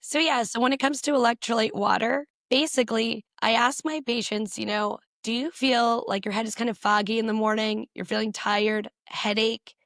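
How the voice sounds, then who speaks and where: A woman physician answering interview questions and explaining health tips briskly, repeating points for emphasis. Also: a little high, fairly bright tone, no echo, clean studio sound. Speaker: physician guest.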